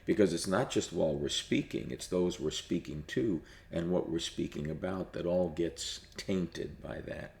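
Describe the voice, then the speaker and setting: A deep-voiced male pastor delivers a short devotional, slowing down and repeating phrases for weight. His voice carries a noticeable roomy echo around it. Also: creaky, darkish tone. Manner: measured, repetitive cadence with drawn-out phrases.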